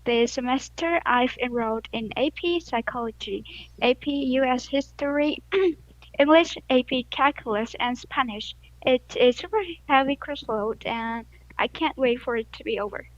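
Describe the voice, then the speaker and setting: A woman's voice: high voice, moderate pace, no room sound, muffled recording. A woman student reading practice sentences aloud, hesitant with many fillers.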